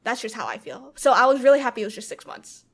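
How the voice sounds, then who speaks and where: Woman, fairly high voice, podcast co-host, chatty, laughs often. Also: big pitch swings. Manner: chatty and giggly, quick to laugh. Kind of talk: casual chat.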